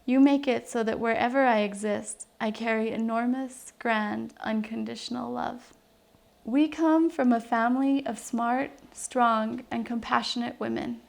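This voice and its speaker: A woman's voice: a little high, fairly even intonation, measured pace, vocal fry. A woman from New Mexico, around her thirties, reading a heartfelt, personal letter to her young daughter in an earnest, reflective way.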